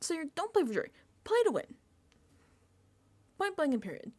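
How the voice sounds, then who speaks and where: Animated woman chatting a reality-show recap. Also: very high-pitched, moderate pace. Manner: animated, emphatic, filler-heavy chatter. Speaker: recap vlogger.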